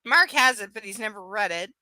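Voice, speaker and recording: Bright, chatty woman reading live. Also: medium pitch, lively intonation, fairly quick, dry recording. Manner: chatty, profane, teasing viewers by name. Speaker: livestream reader. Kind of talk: live reading with casual chat asides.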